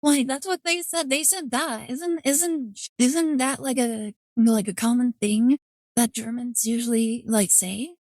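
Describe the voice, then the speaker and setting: A woman streaming a game, chatting casually in an excitable, rambling way full of fillers. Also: on the high side, unhurried, no room sound.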